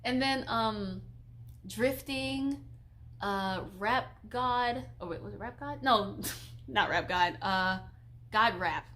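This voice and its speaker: A woman's voice: mid-range voice, slow pace, fairly bright tone, slight background noise. A woman in her twenties streaming casually, chatty and giggly, gushing like a fan while reading viewer questions. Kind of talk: casual live-stream chat.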